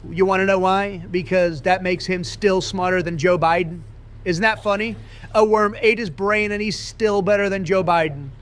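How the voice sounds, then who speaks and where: A man's voice: high-pitched, steady tone, normal speed, fairly bright tone. A man putting on a boastful, blustering male politician impression, bragging and throwing insults while playing a game. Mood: mocking. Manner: bragging, insulting, repetitive superlatives. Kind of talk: comedic gameplay voice impression.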